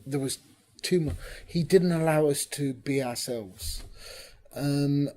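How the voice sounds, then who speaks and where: A man being interviewed about his band, telling stories in a chatty, lively way, sometimes dropping to a whisper for emphasis. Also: on the high side, takes it slowly. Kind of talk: casual anecdotal interview.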